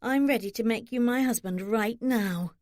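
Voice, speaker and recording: A woman reading an audiobook, voicing a young bride who talks in a lively, teasing way. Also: fairly high pitch, moderate pace, no room sound, clean studio sound, close to an everyday voice. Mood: bright.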